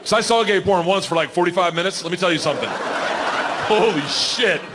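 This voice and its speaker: A man doing a loud, excitable stand-up comedy set on stage, his storytelling often rising toward a shout. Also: high-pitched, brisk. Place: comedy stage before a laughing audience. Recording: live show with loud crowd laughter and noise. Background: crowd laughter.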